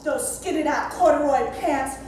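High-voiced actress in an echoing theater. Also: female voice, a little slow, darkish tone, a little hiss or hum. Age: young adult. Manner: vivid, playful storytelling. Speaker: stage actress. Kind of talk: dramatic theatrical monologue. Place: theater stage. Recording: very echoey stage from far off.

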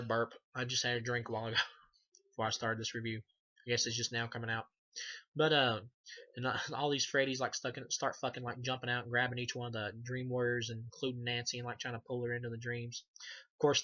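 Flat-voiced swearing male movie reviewer. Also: medium pitch, a little fast, highs cut off. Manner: rambling, profane, many fillers. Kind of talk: casual spoken film review.

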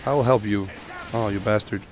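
A man with a sore throat giving jokey, excitable commentary while playing a shooter game. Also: fairly low pitch, normal speed, background noise. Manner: jokey, excitable, talks to teammates and himself. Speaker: gamer. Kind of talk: gameplay commentary.

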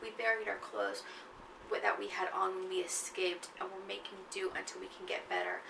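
Woman reading as a quiet polite Southern killer. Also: medium pitch, fairly even intonation, normal speed, creaky, noisy background. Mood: calm polite menace. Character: soft-spoken Southern male escaped killer. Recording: echoey room, mic at a distance.

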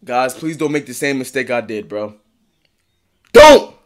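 A young man in his twenties, a content creator, ranting in a distraught vlog that swings from low muttering to loud shouting. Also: fairly quick. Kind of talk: emotional vlog rant.

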